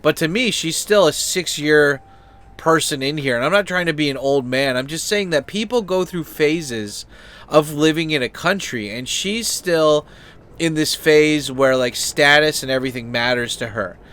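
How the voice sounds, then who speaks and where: A man's voice: on the high side, normal speed, fairly bright tone. A man hosting a channel, talking in a loose, rambling way with lots of fillers, restarts and swearing. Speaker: channel host. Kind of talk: casual opinion chat.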